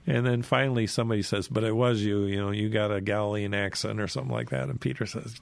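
A man telling a Bible story in a loose, chatty way, acting out the quoted lines with fillers and soft chuckles. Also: lowish voice, quick pace, gravelly, hardly any pauses, no echo. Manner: retells scenes with lively quoted voices, chuckling, many fillers.

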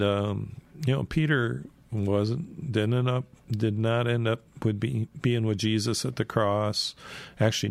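A man's voice: lowish voice, creaky, darkish tone, no echo. A man casually retelling Bible stories in a rambling way, full of fillers and asides.

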